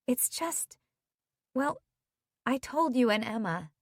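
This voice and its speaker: A heartbroken young woman, read by a woman narrator, soft and wry, with a downcast tone. She talks slowly and quietly. The audiobook sound is dry and close. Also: fairly high pitch, expressive, no echo, pitched above the performer's own voice, heavily acted. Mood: glum.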